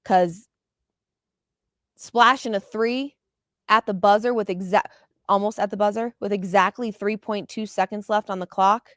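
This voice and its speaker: A woman's voice: medium pitch, measured pace, pauses often, no room sound, studio quality. A woman hosting a basketball postgame podcast, talking with passion and open emotion, often repeating herself when fired up. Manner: animated, repeats words when excited. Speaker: podcast host.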